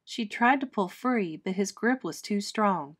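A woman teacher reading a children's chapter book aloud with clear, expressive storytelling. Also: medium pitch, unhurried.

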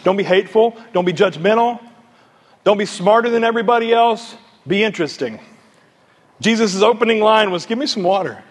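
A man preaching a sermon as pastor at a church service, animated and conversational, often quizzing the congregation. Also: high voice, normal speed, long pauses.

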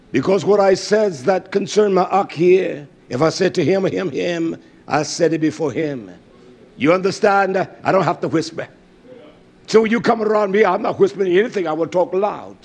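Preacher guy, high-ish gravelly voice, kinda husky, goes from loud declaring to low muttering. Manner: reads scripture aloud with many fillers and hallelujahs. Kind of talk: sermon.

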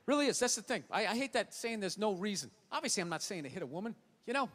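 A male stand-up comedian with a strikingly high voice, telling his story in a ranting, exasperated way. His delivery is profane and heated, built to land jokes on an audience. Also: very animated, fast talker, fairly bright tone.

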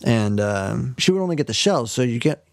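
A man co-hosting a podcast, retelling a fairy tale casually in a rambling, animated way. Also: mid-range voice, a little fast, vocal fry, no echo, studio quality. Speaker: podcast co-host.

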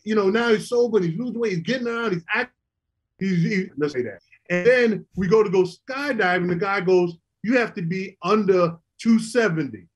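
A man's voice: sits high, husky. A middle-aged man, a former basketball player, telling stories casually and with animation about his recovery program. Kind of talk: casual storytelling.

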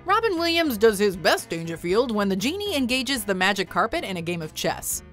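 A woman's voice: mid-range voice, fairly quick, faint music behind. A woman narrating a countdown video in an upbeat scripted style. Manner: upbeat, lively list presenting.

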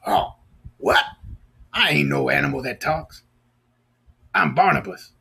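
A cheeky male sidekick with a raised, gravelly voice, put on by a man reading a storybook. He talks back and complains. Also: sits high, very animated, a little fast, fairly bright tone, exaggerated voice. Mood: sassy.

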